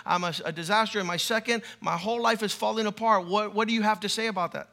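A preacher acts out a desperate man whose two marriages have failed, pleading quickly for an answer. The voice stays high and bright. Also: steady tone, creaky, full character voice.

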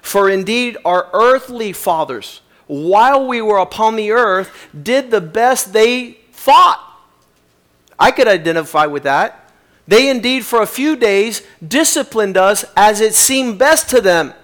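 A man's voice: sits high, expressive, measured pace, fairly bright tone. A man preaching a sermon, reading aloud with rising emphatic passion.

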